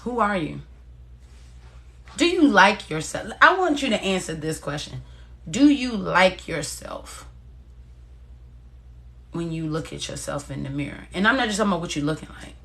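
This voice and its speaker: Hosting a motivational live stream, a woman with a lowish, gravelly voice speaks at normal speed, very animated and pausing often. She encourages viewers directly, reads out their comments, and repeats phrases in a casual, warm-hearted way.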